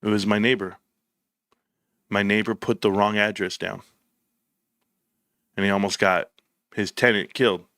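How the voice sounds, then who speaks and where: A man's voice: fairly low pitch, measured pace, pauses often, no echo, clean studio sound. A middle-aged man hosting a casual livestream chat, telling stories bluntly with slang. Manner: blunt, animated storytelling with slang. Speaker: livestream host.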